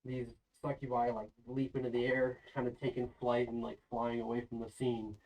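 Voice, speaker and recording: A man's voice: mid-range voice, completely flat delivery, moderate pace, darkish tone, recorded from a distance, low-quality recording. Game master man a bit off-mic. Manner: loose, filler-heavy narration. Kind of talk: narrating a tabletop game.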